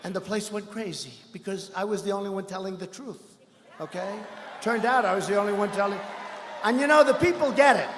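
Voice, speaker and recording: A man giving a rambling, boastful campaign rally speech, often breaking into shouts. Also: sits high, brisk. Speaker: political speaker at a rally. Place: large rally hall. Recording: echoey hall with long reverb.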